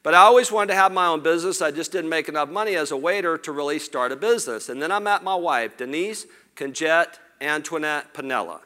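A man's voice: a little high, brisk, few pauses. Folksy Southern man telling stories on stage. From Lower Alabama. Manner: folksy, animated, jokey asides. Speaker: business speaker at an event. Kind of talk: storytelling keynote talk. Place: event stage before an audience.

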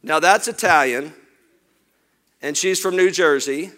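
A middle-aged Southern man from Lower Alabama gives a storytelling keynote, spinning stories for an audience from a stage at an unhurried pace. His slightly high voice is bright and forceful, smooth and resonant, and his manner is folksy and animated, with plenty of jokey asides.

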